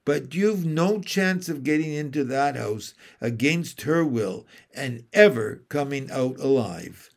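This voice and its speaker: A man reading aloud from a storybook, voicing a kindly, motherly female talking beaver in a gentle tone. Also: medium pitch, lively intonation, slow, gravelly, few pauses.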